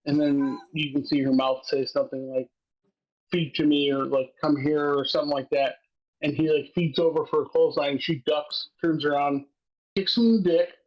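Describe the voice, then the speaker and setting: A man co-hosting a wrestling podcast, recapping matches in casual, profane, excitable chat and laughing as he goes. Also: fairly high pitch, fairly quick, muffled recording.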